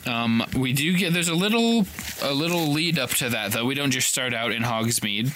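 A man's voice: medium pitch, animated, normal speed, noisy background. A man co-hosting a casual podcast chat, playful and teasing, often laughing. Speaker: podcast co-host.

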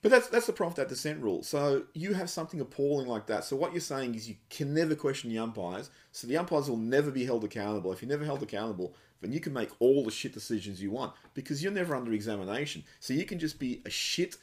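A man's voice: medium pitch, expressive, fast talker, few pauses. A man co-hosting a casual sports podcast, blunt and sweary as he rants. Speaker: podcast co-host.

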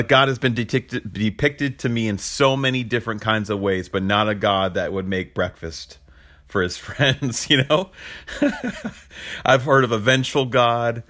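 A man in his thirties tells a personal story on his podcast. His voice sits low. He talks in a candid, reflective way, with easy restarts along the way. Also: fairly bright tone. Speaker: podcast host.

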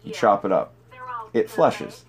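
A man's voice: on the low side, huge pitch swings, a little slow. A man co-hosting a podcast, joking crudely and firing off questions in casual chat. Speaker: podcast co-host.

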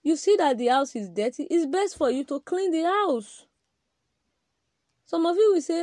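Woman lecturing men about marriage, mellow dark voice, dry close sound, keeps asking "you understand". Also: high voice, very animated, measured pace, no room sound. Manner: emphatic, addresses men directly, rhetorical questions. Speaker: podcast speaker on marriage. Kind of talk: preaching-style talk.

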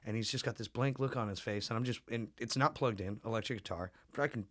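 A man's voice: lowish voice, fast, no echo, studio quality. A young man telling loose, profane stories in a casual podcast chat, full of "um" and "like". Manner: loose, profane storytelling with lots of fillers.

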